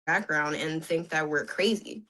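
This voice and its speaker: A woman's voice: deep voice, unhurried, fairly bright tone, poor audio. Reflective woman podcast host. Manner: reflective, with many "you know" fillers. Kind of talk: casual podcast conversation.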